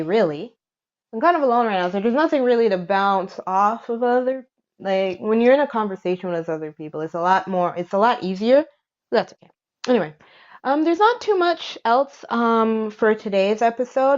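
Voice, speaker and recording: A woman's voice: fairly high pitch, lo-fi sound. A young woman hosting a casual solo podcast, rambling and self-deprecating, laughing often. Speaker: podcast host.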